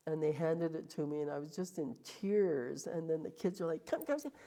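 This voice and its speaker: Low, mellow-voiced woman telling her story. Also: steady tone, normal speed. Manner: emotional, vivid retelling with acted quotes. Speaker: guest. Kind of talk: storytelling interview.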